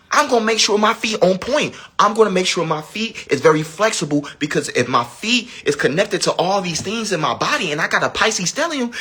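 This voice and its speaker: A man speaks, his voice husky yet bright. He teaches in a casual, preachy way, swinging from raised high pitches down to low, hushed stretches. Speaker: spiritual teacher. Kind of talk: casual spiritual talk.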